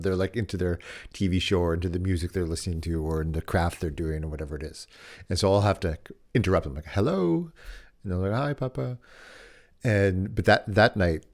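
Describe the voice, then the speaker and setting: A man co-hosting a podcast about fatherhood, telling a personal story in an earnest, halting way. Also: low voice, darkish tone. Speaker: podcast co-host. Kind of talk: reflective casual conversation.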